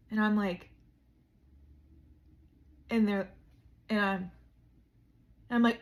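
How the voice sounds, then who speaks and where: A woman's voice: medium pitch, measured pace, long pauses, a bit bright. A young woman vlogger telling a funny story in a casual chat, with dramatic, mock-grand emphasis.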